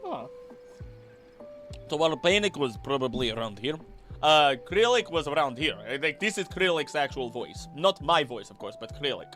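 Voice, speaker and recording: A young man chatting casually on a stream, rambling and excitable, jumping between topics and often restarting his sentences. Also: medium pitch. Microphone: desk mic.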